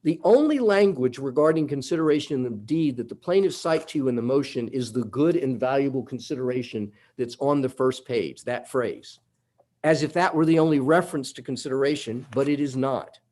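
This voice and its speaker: A man's voice: mid-range voice, brisk, darkish tone. A man arguing a summary judgment motion before a judge in a courtroom, methodical and emphatic as he walks through legal points. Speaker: attorney.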